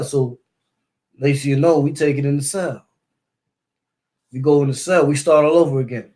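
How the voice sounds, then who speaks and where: A man's voice: on the high side, fairly even intonation, moderate pace, pauses often, mellow. A man from Brooklyn with a New York accent, telling a story in casual street slang and filling it with repeated words and sound effects. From East New York, Brooklyn.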